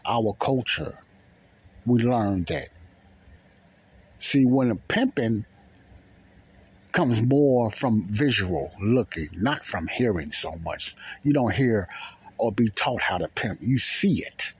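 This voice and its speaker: A man's voice: fairly low pitch, lively intonation, takes it slowly, long pauses, husky. A man hosting a podcast, talking in a casual, rambling monologue that repeats phrases in plain, folksy speech. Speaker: podcast host.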